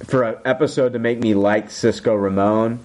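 A man casually recapping a TV episode for his co-hosts, excited and swearing freely. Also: mid-range voice, normal speed. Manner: excited, swears a lot, acts out quotes. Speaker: podcast host recapping a TV episode. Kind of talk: casual chat.

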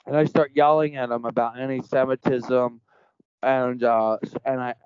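A man's voice: medium pitch, flat delivery, normal speed, darkish tone, clear, resonant tone, no room sound. A man telling a story in casual conversation as a podcast guest, earnest and rambling, framing it in spiritual terms. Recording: dull lo-fi dry sound.

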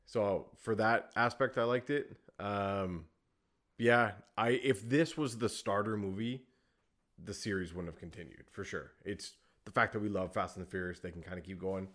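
A man co-hosting a movie review podcast, easygoing and chatty, often agreeing with quick yeahs. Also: on the low side, a bit bright. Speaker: podcast co-host. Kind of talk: casual movie review chat.

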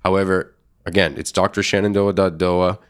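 An actor playing a slow, soothing, salesy male self-help guru doctor in an improvised comedy scene. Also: deep voice, little pitch movement, clear, resonant tone, dry recording, studio quality, natural voice. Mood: smooth, salesy.

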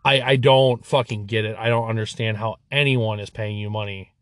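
A man's voice: fairly low pitch, normal speed, no echo, studio quality. A man co-hosting a casual podcast, talking bluntly and swearing freely about his trade and relationships. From Michigan. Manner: crude, swears a lot, blunt and animated. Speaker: podcast co-host.

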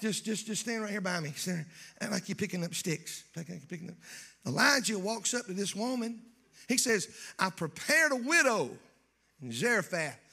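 A man preaching a folksy, joking sermon in church that builds to shouting. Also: sits high, animated, normal speed, vocal fry. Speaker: pastor.

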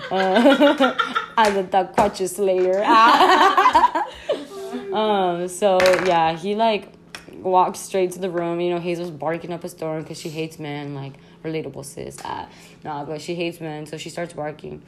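A young woman hosting a podcast, telling a story in a casual, animated, slangy way, full of "like" and swearing. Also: low-pitched, normal speed, noisy background. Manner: animated, slangy, constant "like", swearing, laughs often. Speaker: podcast host.

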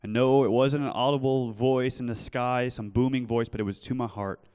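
A young man preaching earnestly in a church, telling his own story and then pleading gently with listeners. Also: mid-range voice, fairly even intonation, normal speed, clean tone, in a large hall. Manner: earnest, shifts from loud storytelling to soft pleading. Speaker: pastor. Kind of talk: sermon with personal testimony. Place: church hall.

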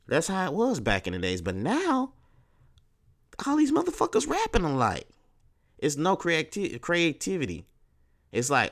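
A man's voice: fairly low pitch, sing-song, moderate pace, fairly bright tone. A man hosting a casual solo podcast, talking in a profane, rambling, laid-back way full of street slang. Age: 30s. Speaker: podcast host.

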